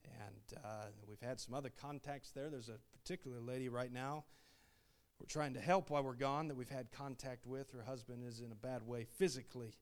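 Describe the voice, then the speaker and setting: A man preaching a sermon as a missionary, folksy and full of "uh" fillers, his voice rising into loud calls of "Amen". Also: mid-range voice, fairly even intonation, normal speed.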